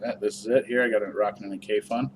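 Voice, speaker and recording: Man, casual review vlog, rambling, chatty, lowish voice, faint hum. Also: fairly even intonation, fast talker. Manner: rambling, chatty, many fillers. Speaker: product reviewer.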